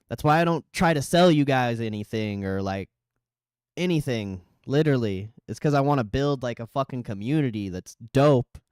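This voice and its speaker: Brief: male streamer, laid-back and profane, talking to chat, smooth clear tone, dry close sound. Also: mid-range voice, no room sound. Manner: relaxed, profane, reading chat aloud. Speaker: livestream host. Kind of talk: casual live stream chat.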